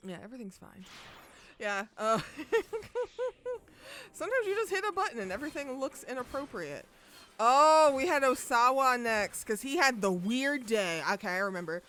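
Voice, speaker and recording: A woman's voice: on the high side, lively intonation, a little fast, a bit bright. A young woman streaming a game live, chatting casually with joking, profane remarks while reading the story aloud.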